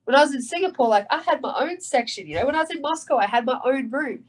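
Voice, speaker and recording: A woman's voice: sits high, lively intonation, fast, poor audio. An Australian woman in her thirties chatting casually in an interview, swearing freely and laughing easily. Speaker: guest fighter.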